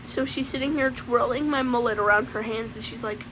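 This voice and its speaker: A woman's voice: fairly high pitch, fairly even intonation, brisk, noisy background, close to an everyday voice. A woman voicing a laid-back young man with a mullet, telling a rambling comic story and ending nearly every sentence with "man". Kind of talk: comedic in-character story time.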